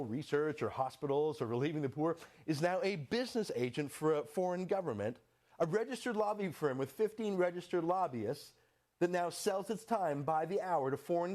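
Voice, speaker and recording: A male commentator speaking sarcastically, with a slightly high voice. He throws out rhetorical questions and his pitch swings dramatically, giving the commentary a theatrical bite. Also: a little mellow.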